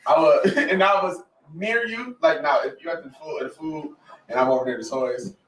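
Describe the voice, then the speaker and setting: A man's voice: a little high, very animated, brisk, echoey room, far from the mic, rough recording. A man hosting a radio show in loose, slangy banter, repeating phrases for emphasis.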